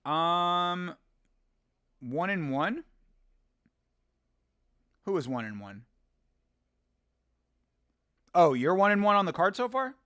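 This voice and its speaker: A man's voice: high-pitched, very animated, slow, long pauses, bright, forceful tone, no room sound. A man hosting a live watch-along stream, chatting casually, rambling and laughing as he reads from chat.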